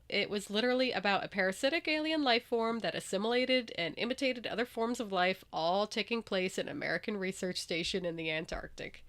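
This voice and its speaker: A woman's voice: mid-range voice, a bit bright. A woman hosting a podcast about movies, talking casually and laughing easily. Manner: chatty, laughs easily, conversational. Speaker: podcast host. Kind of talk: casual chat.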